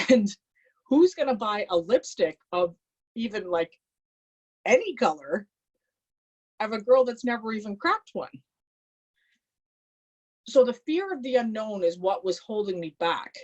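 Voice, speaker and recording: A woman from Canada giving a motivational talk, telling a personal story with animated delivery. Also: mid-range voice, a little slow, long pauses, highs cut off. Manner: animated, acts out quoted voices. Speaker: motivational speaker.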